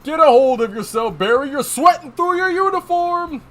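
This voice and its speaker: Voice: high voice, expressive, normal speed, a bit bright, soft background music, voice pushed up. A streamer doing a courteous old train conductor. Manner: polite, formal announcer tone. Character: old male train conductor on his final day, formal and kindly.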